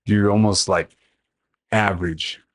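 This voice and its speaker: Blunt ex-fighter guy, lowish voice, slangy, dry close-miked sound. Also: steady tone, a little slow, no room sound. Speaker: podcast co-host, former fighter. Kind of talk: casual chat.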